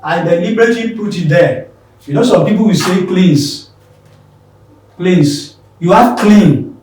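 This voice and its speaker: A man teaching pronunciation in a slow, drilling manner, repeating words for learners. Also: sits high, a little mellow, a little hiss or hum. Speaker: English teacher. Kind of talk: classroom pronunciation lesson. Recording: very echoey room, mic far off.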